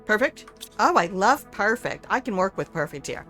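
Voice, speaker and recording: A woman's voice: mid-range voice, sing-song, normal speed, bright, forceful tone, faint music behind. An older woman chatting casually as she streams a video game. She talks back to the game and swears offhandedly. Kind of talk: casual live-stream gameplay commentary.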